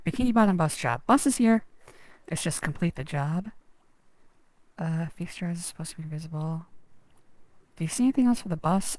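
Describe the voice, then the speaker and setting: A woman's voice: sits low, a little mellow, no room sound, low-quality recording. A woman streamer chatting casually and rambling over gameplay, self-deprecating. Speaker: game streamer.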